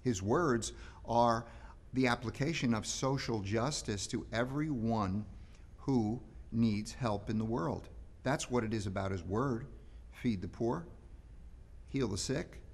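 A man's voice: mid-range voice, creaky. A man speaking as a priest, giving an earnest daily reflection and reading scripture, sometimes repeating words as he presses a point.

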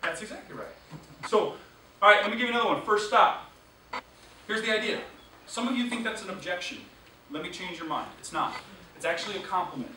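A male sales trainer leading a classroom training session, energetic and quizzing the class with questions. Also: high-pitched, a little fast, pauses often. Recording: echoey room, distant mic, background noise.

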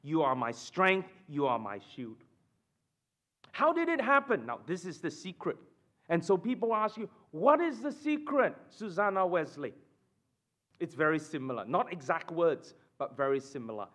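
A man preaching a sermon in church, emphatic and animated, often asking the congregation "right?" and dropping suddenly to a hush. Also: fairly high pitch, moderate pace. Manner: repeats and restarts phrases, addresses the congregation with "right?". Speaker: pastor.

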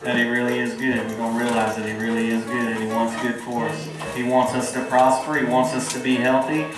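Folksy preacher in an echoey hall. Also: male voice, medium pitch, flat delivery, brisk, distant mic, loud music behind the voice. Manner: folksy, earnest, calls for responses from the congregation. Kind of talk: sermon. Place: church hall.

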